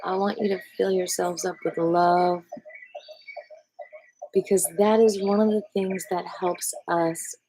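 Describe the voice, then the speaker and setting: A woman's voice: lowish voice, takes it slowly, slight background noise. A woman giving a casual, rambling qigong meditation talk outdoors among trees, tired from a night up. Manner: rambling, relaxed, full of fillers. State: tired from staying up all night. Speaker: qigong teacher. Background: birds and rustling trees.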